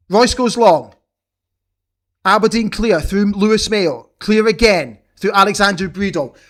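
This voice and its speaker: A middle-aged man hosting a football watch-along, commentating live and cheering on his team. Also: sits high. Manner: excitable, shouts and cheers at big moments. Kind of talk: live match commentary and chat.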